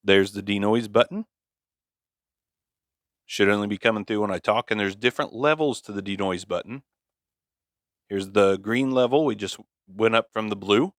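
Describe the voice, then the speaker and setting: A man's voice: on the low side, moderate pace, long pauses, dry recording. A man reviewing an audio device, thinking aloud in a casual, hesitant way on a studio microphone in a home studio. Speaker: gear reviewer. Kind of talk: casual product demonstration. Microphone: XLR microphone on boom arm.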